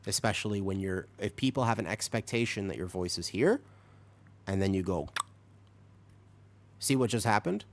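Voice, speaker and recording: A man's voice: on the low side, moderate pace. A man streaming a game, chatting with his viewers and explaining things patiently while a little sick. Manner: explains patiently, lively and talkative, laughs often. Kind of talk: casual chat with stream chat while gaming.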